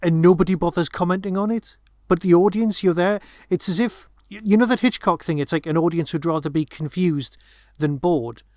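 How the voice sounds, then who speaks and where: A man's voice: high-pitched, a little fast, hardly any pauses, darkish tone, no echo, studio quality. A man co-hosting a podcast, chatting casually about a film, rambling with many restarts and asides. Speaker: podcast co-host.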